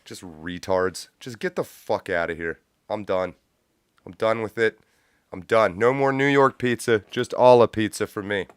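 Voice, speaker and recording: Man, live stream host, profane ranting commentary, smooth resonant voice, dry close sound. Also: on the low side, a little slow, dry recording. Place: home studio with a cat nearby. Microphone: studio mic with pop filter.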